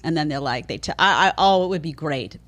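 A woman's voice: low-pitched, a little fast. A woman from New York hosting a podcast, giving opinionated, sarcastic commentary. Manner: sarcastic, animated, mocking impressions. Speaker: podcast host.

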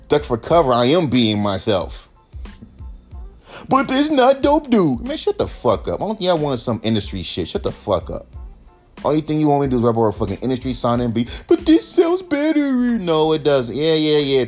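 A man in his thirties hosting a podcast, ranting with heavy profanity and mocking critics. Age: 30s. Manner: profane, animated, mocks critics in high sneering voices. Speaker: podcast host. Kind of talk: ranting monologue.

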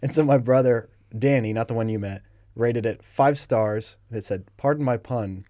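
Dry-voiced young audiobook narrator chatting. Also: male voice, mid-range voice, moderate pace, warm tone, no room sound. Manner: self-deprecating, storytelling, profane. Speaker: audiobook narrator, podcast co-host. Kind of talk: casual chat.

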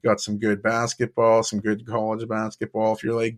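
A man's voice: lowish voice, completely flat delivery, normal speed. A young man with a laid-back, chatty manner, hosting a casual sports podcast and telling stories with easy laughs. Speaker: podcast host. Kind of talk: casual sports recap and storytelling.

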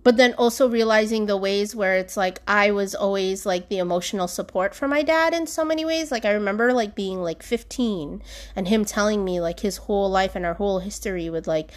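Speaking a little fast in a medium pitch, this young adult woman hosts her solo podcast by herself at home. Her talk is candid and rambling, with many fillers and frequent bursts of laughter.

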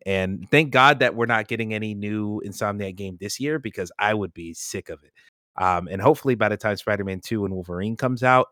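A man with a fairly low voice hosts a laid-back gaming podcast. He talks loosely and swears freely while steering the group through its rankings. His voice sounds dry and close to the mic. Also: fairly bright tone, dry recording. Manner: loose, profane, runs the ranking discussion. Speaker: podcast host. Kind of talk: casual gaming podcast chat.

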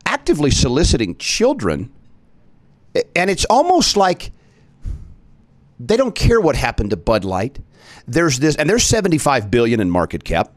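Male podcast host, emphatic and indignant, pitch swings widely, dry close sound. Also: no room sound. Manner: emphatic, indignant, talks straight to listeners. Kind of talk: opinion commentary.

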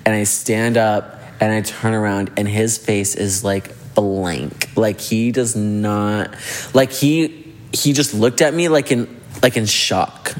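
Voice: medium pitch, fairly even intonation, takes it slowly. A drunk person rambling through a story in casual chat, peppering every phrase with "like" and acting out the dialogue. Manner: rambling, heavy use of "like"; acts out quoted dialogue.

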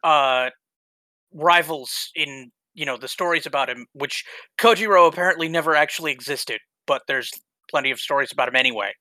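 Bright, high-voiced man explaining. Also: brisk, dry recording, poor audio. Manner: explanatory, hedging. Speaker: podcast co-host. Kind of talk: casual chat.

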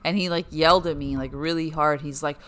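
Brief: young female podcast co-host, excitable, eager agreement, gushing slang. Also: low voice. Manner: excitable, quick to agree, says "oh my gosh" and "dude". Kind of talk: casual chat.

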